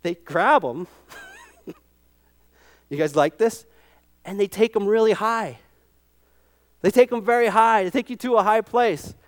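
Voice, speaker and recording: A middle-aged male preacher in full flow, urging his congregation on with repeated calls of "come on". His voice sits very high and sounds smooth and resonant. He builds from earnest talk to ringing shouts. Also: normal speed. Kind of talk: sermon.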